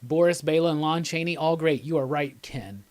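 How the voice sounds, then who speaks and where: A man's voice: a little high, normal speed. A man hosting a live commentary, talking casually and enthusiastically, rambling and laughing as he chats with viewers. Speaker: host of live movie commentary.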